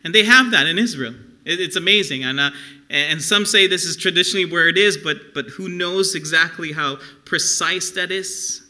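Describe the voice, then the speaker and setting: A man's voice: fairly high pitch, normal speed, sharp tone. A middle-aged man preaching a sermon, earnest and conversational, asking the congregation questions. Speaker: pastor.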